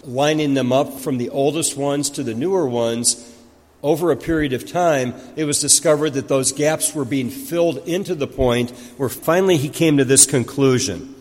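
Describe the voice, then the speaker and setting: A man's voice: mid-range voice, normal speed, a little mellow. Man preaching in a reverberant church. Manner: teaching, asks questions and answers them. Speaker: pastor. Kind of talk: sermon.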